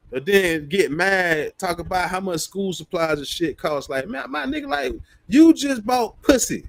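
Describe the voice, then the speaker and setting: Male streamer, raised pitch, blunt profane rant delivery. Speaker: livestreamer. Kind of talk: ranting livestream commentary.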